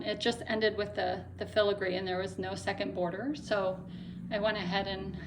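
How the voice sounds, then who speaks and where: Chatty woman crochet vlogger, faint room hiss. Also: mid-range voice. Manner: chatty, frequent ums, upbeat. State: recovering from laryngitis, lingering cough. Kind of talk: casual show-and-tell vlog.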